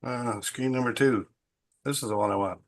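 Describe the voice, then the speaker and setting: A man's voice: mid-range voice, moderate pace. A man co-hosting a casual online talk, laid-back while he shares his screen. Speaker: co-host. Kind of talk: casual chat.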